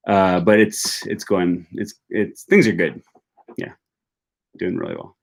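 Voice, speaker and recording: A young man hosting a language-learning live stream, reading out viewer questions and answering them in a relaxed, chatty way with plenty of ums and restarts. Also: low voice, measured pace, creaky. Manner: reads viewer questions aloud and answers chattily, many fillers.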